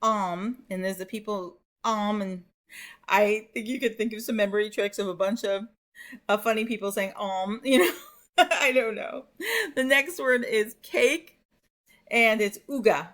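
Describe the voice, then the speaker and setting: A woman teaching a playful Hebrew vocabulary lesson, cheerful and giggly, spelling out each word slowly and carefully and making up silly memory tricks. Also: medium pitch, fairly bright tone. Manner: slow, careful pronunciation of words.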